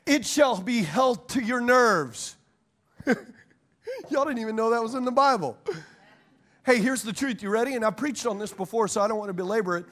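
A male pastor preaching a sermon to a congregation, telling animated, joking stories and laughing often. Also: high-pitched, fairly quick, long pauses. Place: church service before a congregation.

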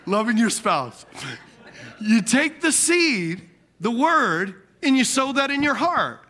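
A man delivers a lively sermon in a high, bright voice. He acts out the people he quotes and laughs at his own asides. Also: slow pace. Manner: animated preaching, quotes imagined people, laughs at himself. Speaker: pastor.

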